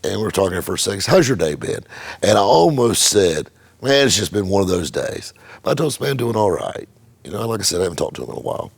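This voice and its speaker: A man's voice: fairly low pitch, big pitch swings, fast talker, vocal fry, slightly rough, no echo. A middle-aged man, a car dealer, telling a rambling, profane story in casual chat, with many repeated words. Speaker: car dealer and channel host.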